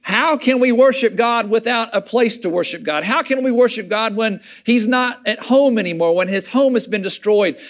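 A man preaching a sermon in a conversational, animated way, often restarting his words. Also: very high-pitched, moderate pace, few pauses. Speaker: pastor.

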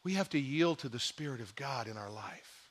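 A middle-aged man preaching a sermon as pastor, shifting between quiet, intimate asides and emphatic, animated bursts. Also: medium pitch, moderate pace.

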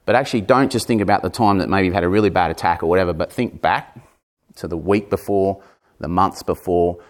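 A man in his forties preaches a sermon emphatically, repeating words and shifting between raised and hushed delivery. His voice is low-pitched and his pace fairly quick.

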